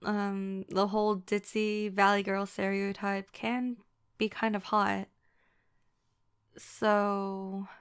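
Young woman, Valley Girl voice, heavy vocal fry, unhurried teasing delivery, playful girlfriend in an intimate audio role-play. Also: mid-range voice.

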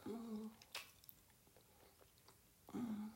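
In a whispered girlfriend role-play, a woman teases with slow, breathy whispers punctuated by soft hums. Her pitch is medium and her tone steady, with a slight hiss or hum in the audio.

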